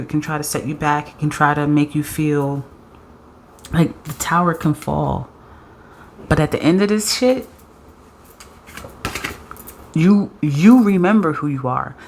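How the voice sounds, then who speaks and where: A woman doing a pick-a-card tarot reading, excitable and slangy, often laughing and acting out quotes. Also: sits low, slight background noise. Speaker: tarot reader.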